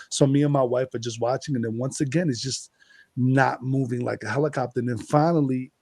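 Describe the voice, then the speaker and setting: A man from the Bronx, New York, tells his story with lively energy and acts out his own past words. His voice sits at a medium pitch. The recording is dry and close, with no room sound. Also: brisk, dry recording. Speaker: guest, contactee and hip-hop artist. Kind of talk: animated personal storytelling.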